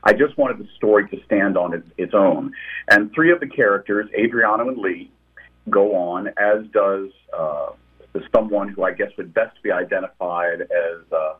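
This male novelist speaks on the low side at a moderate pace, with some breath in his tone. Answering an interviewer, he tells anecdotes about his books thoughtfully and restarts often. The phone line sounds tinny.

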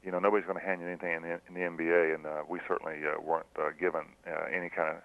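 Low-voiced man on a phone line. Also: flat delivery. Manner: soft-spoken and halting, with many fillers and restarts. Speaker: former pro basketball player, guest; high school basketball coach. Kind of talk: phone-in radio interview. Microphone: telephone.

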